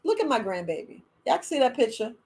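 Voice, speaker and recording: An older woman hosting a casual wellness chat, animated and dramatic, laughing often, with loose speech. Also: on the high side, fast talker. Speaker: wellness podcast host.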